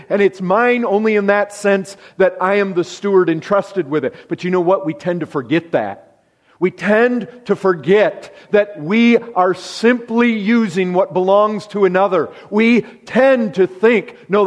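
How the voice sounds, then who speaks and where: A man preaching a sermon, emphatic and deliberate, dropping his voice low to stress key words. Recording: long reverb of a large hall.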